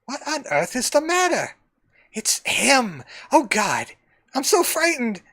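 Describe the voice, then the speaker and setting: A man doing a panicky young woman who shrieks and pleads, her voice pitched high and loud. She swings wildly up and down in pitch as she begs. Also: wildly swooping pitch, slow pace, exaggerated voice. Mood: terrified. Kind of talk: reading game dialogue aloud.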